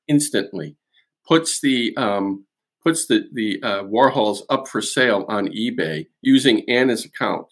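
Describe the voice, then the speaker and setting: A man, a guest author on a podcast, explaining a case in animated storytelling with restarts. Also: lowish voice, husky. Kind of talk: podcast interview.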